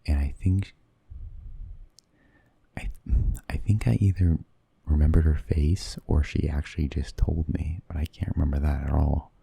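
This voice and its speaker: A man with an extremely deep voice, dark and husky with a gravelly edge, tells hesitant, meandering stories in a soft-spoken ASMR style. He talks slowly and often drops into whispers close to the mic. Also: fairly even intonation, no room sound. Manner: rambling and hesitant, drifting into whispers. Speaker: ASMR creator.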